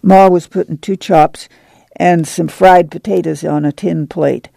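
A man narrating an audiobook in a measured, even storytelling manner. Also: fairly high pitch, vocal fry, dry recording.

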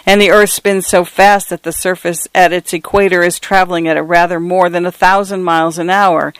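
A man narrating a story in a measured, deliberate manner. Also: sits high, a bit bright, clear, resonant tone, no room sound.

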